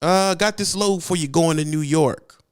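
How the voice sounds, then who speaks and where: A man's voice: normal speed, clean tone, close to an everyday voice. A man doing a pushy, chummy dispatcher. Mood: wheedling. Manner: chummy, wheedling sales pitch. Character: pushy upbeat male freight dispatcher.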